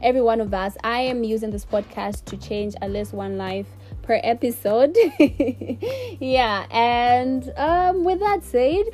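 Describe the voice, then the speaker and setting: Her fairly high voice runs a little slowly yet with hardly any pauses as faint music plays behind. This young woman ends her solo podcast warmly and effusively, repeating thanks to her listeners and laughing to keep from crying.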